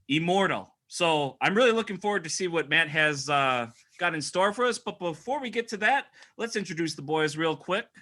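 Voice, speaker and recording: A man's voice: on the high side, pushed and bright. A man hosting a casual wrestling podcast over a video call, upbeat and introducing his co-hosts. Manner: upbeat, hypes up the guests. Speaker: podcast host.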